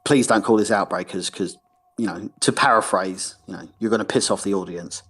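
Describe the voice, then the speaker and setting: A man's voice: fairly low pitch, a little fast, fairly bright tone, slightly rough. A man with a British accent, a guest on a live stream, chatting casually and explaining his points at length with jokes. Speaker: guest commentator.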